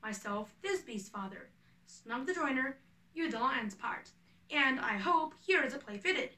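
A woman reading the part of a fussy male carpenter who directs a village play, handing out names and parts in order, with a bright voice in an echoey room. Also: high voice, animated, unhurried, recorded from a distance, exaggerated voice. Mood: bossy. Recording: echoey room, away from the mic.

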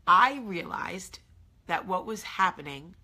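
A woman in her thirties chats to her audience on a morning live stream. Her voice sits low yet sounds bright and forward. She rambles easily, with plenty of fillers. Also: expressive, slow. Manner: chatty, rambling with many fillers. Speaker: host.

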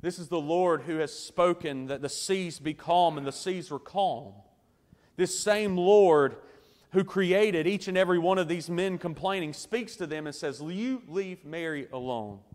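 A man preaching a sermon as pastor, earnest, slowing for emphatic phrases and dropping soft at times. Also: high voice. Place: church sanctuary. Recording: long church hall reverb.

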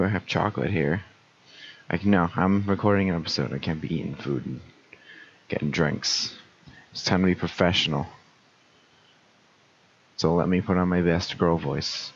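A man's voice: deep voice, gravelly, highs cut off, slight background noise. A tired young man with a sore throat, talking through a video game in late-night commentary, groggy and joking at his own expense. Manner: tired, groggy, self-mocking. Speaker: gameplay commentator.

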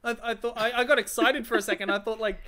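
An excitable host of a gaming channel, chatting casually with a guest during play. The voice has a bright, forceful edge and breaks into laughter easily. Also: medium pitch, fast talker.

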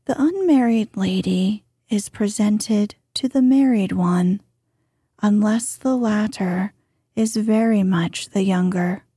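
A woman narrating a bedtime story in a soft, hushed voice that at times drops to a whisper. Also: mid-range voice, takes it slowly, husky, no echo, studio quality. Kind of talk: slow soothing bedtime reading.

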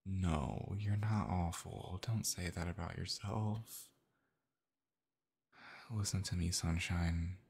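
A man doing soothing whispered boyfriend role-play, deep and gravelly. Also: steady tone, slow, pauses often. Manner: soothing, gentle, reassuring; soft, partly unvoiced whispering.

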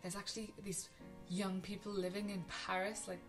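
In a casual, chatty piece to camera, a young woman who vlogs about film recommends her favourites, full of ums, restarts and gushing enthusiasm. Her mid-range voice has a flat delivery at normal speed, over soft background music.

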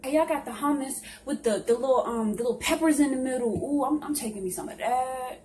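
A woman's voice: high voice, quick pace, dark tone, a little hiss or hum, close to an everyday voice. A woman playing a touchy young woman who is always hungry and asking for food. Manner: casual, defensive.

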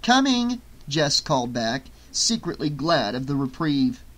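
A man narrating an audiobook in a steady storytelling read. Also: mid-range voice, a little slow. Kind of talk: scripted narration.

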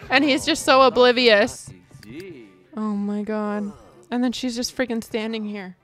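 A young woman giving casual, chatty commentary while playing a life-sim game, excitable and quick to shriek and laugh. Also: on the high side, faint music behind. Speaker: gaming streamer. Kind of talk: casual Let's Play commentary.

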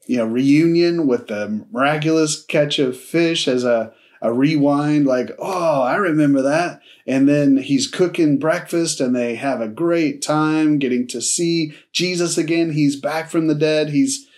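A man preaching a casual sermon, telling the story in a relaxed, conversational way and acting out bits of dialogue. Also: mid-range voice. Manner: casual storytelling with friendly slang; acts out dialogue in his telling. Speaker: pastor.

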